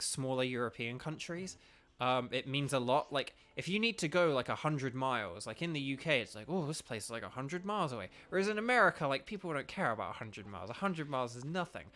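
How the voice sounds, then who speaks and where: A man's voice: a little high, pushed and bright. A young man chatting casually with his stream viewers while playing a game, rambling with lots of fillers. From United Kingdom. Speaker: gaming streamer.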